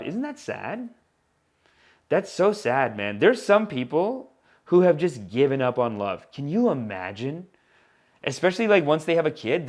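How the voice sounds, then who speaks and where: Speaking in a mid-range voice, a comedian hosts his own podcast, delivering a rambling, casual, and animated monologue directly to his listeners.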